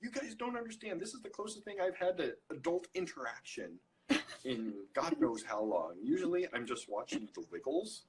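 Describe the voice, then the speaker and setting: A recipe creator guests on a live-streamed video interview, animatedly telling funny stories with self-deprecating jokes in a casual chat. His voice is on the high side at a moderate pace, and the audio is poor, with slight background noise, from a phone or computer mic on a video call.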